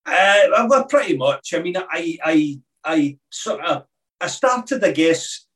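A middle-aged Scottish man, a podcast guest, recalling his past in a relaxed, halting way with many restarts. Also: fairly high pitch, far from the mic. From Scotland. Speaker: guest, former snooker player. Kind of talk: casual interview chat.

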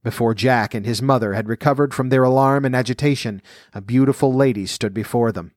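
A man's voice: mid-range voice, a little fast, dry recording. Man reading a fairy tale, dry sound. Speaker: storyteller.

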